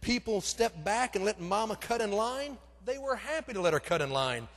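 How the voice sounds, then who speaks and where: A middle-aged man preaching in a church, telling a personal story in an animated, self-deprecating way that acts out the scenes. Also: high voice, moderate pace. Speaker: pastor. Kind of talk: storytelling sermon. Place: church sanctuary. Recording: long reverb of a church sanctuary.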